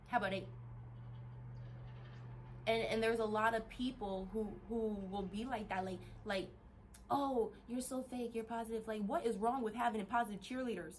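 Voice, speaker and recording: A woman vlogger giving a casual motivational rant, animated, laughing often and swearing freely as she rambles with restarts. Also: medium pitch, normal speed, slight background noise.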